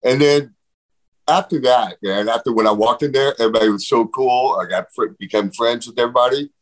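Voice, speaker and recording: Animated man telling a story. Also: medium pitch, a little fast, rough recording. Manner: animated, swears freely, acts out quotes. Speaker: guest. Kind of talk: casual storytelling interview.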